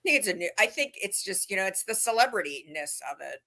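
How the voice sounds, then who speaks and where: A woman co-hosting a casual chat, animated and rambling, often restarting her sentences. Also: medium pitch, quick pace, gravelly, background noise. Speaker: co-host.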